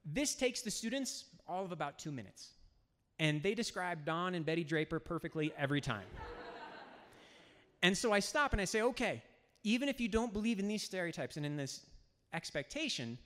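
A man, a high school teacher, telling a humorous personal story on stage and acting out the dialogue. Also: a bit bright. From United States. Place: event stage in a hall. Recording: hall reverb.

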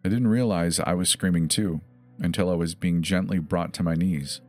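A man telling a horror story in a measured, grave first-person narration. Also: low voice, fairly even intonation, darkish tone. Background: faint music.

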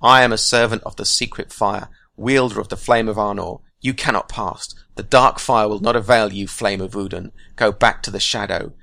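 A brave old wizard holding his ground, his voice loud, commanding and forceful, as a man reads him aloud. There is a gravelly grain in the tone. The sound is dry and close to the mic. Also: fairly low pitch, fairly even intonation, normal speed, hardly any pauses, dry recording. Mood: defiant.

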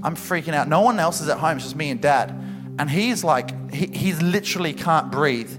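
A young man preaching a passionate sermon at a church service, building to loud exhortation. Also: fairly high pitch, normal speed, over music. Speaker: pastor.

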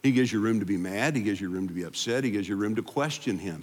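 A man pastor giving a freewheeling, conversational sermon to a congregation, then leading a quiet closing prayer. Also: fairly low pitch, expressive, fast, few pauses. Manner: freewheeling, conversational preaching that drops to a hushed prayer. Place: church sanctuary before a congregation. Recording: long hall reverb in a church sanctuary.

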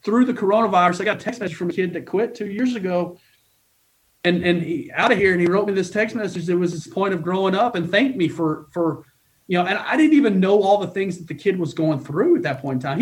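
A man's voice: high voice, animated, brisk. Earnest, emotional middle-aged male coach. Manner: earnest, emotional storytelling with many restarts. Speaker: college baseball coach. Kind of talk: podcast interview.

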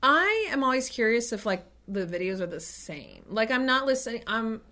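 A woman's voice: fairly high pitch, big pitch swings, normal speed, sharp tone. A woman co-hosting a podcast, chatting casually, laughing often and trailing off mid-thought. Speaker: podcast co-host. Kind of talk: casual chat.

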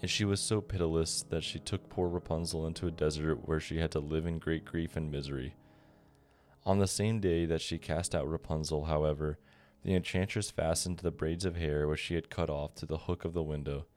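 A man narrating a bedtime fairy tale on a podcast in a calm, measured reading. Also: a bass voice. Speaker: podcast storyteller. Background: soft guitar music.

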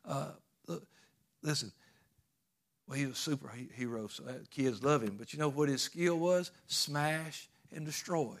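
A man's voice: fairly high pitch, a little slow. A man preaching a sermon in a folksy, emphatic storytelling way.

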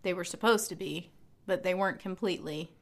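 A woman co-hosting a podcast, telling stories in an animated, casual way. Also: lowish voice, a little fast, vocal fry. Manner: animated storyteller. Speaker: podcast co-host. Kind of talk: casual chat.

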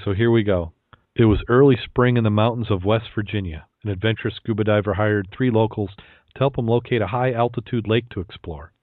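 A man hosting a podcast, chatty and quick to laugh, repeating words as he goes, between casual chat and telling jokes. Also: fairly low pitch, no echo. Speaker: podcast host. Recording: tinny phone-like line.

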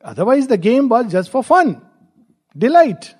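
A male spiritual teacher speaks in a rather high, mellow voice with a breathy, husky edge. He muses aloud, asks rhetorical questions and slips in gentle humor as he unfolds his teaching. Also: big pitch swings, a little slow. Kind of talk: spiritual discourse.

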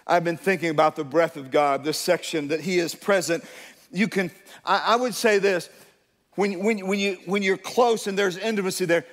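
A man preaching a sermon to a congregation, swinging from hushed, quiet lines to loud emphatic ones and calling out to the crowd. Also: high voice, normal speed. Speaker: pastor. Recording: long hall reverb.

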